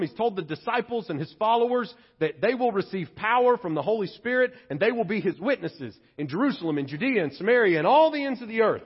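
A male pastor delivering a relaxed, conversational sermon, switching now and then into playful acted voices. His voice sits high and has a husky edge. The recording sounds a little dull, like ordinary church audio. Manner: conversational, playful, acts out quotes in funny voices.

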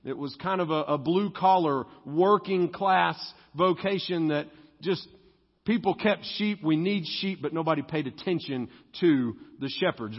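A young adult male pastor, preaching conversationally in a church and slowing to stress key words. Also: high-pitched, husky. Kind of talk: sermon. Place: church sanctuary. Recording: dull sound with long hall reverb.

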